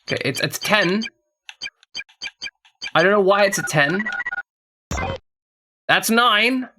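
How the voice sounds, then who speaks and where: A man's voice: high-pitched, lively intonation, slow pace, background noise. A man streaming a video game, thinking aloud in a puzzled, casual way with profane asides. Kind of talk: casual gameplay commentary.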